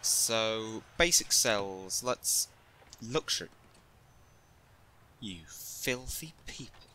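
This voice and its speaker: A man's voice: fairly low pitch, drawn-out words, long pauses. A man giving casual, jokey gameplay commentary, rambling self-mocking asides to himself. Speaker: let's play gamer. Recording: steady background noise.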